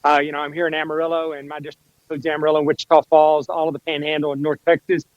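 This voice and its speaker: A man being interviewed on the radio as a guest, answering in a fast, assertive way over a remote line. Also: fairly high pitch, little pitch movement, no echo, dull audio. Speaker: guest, congressional candidate.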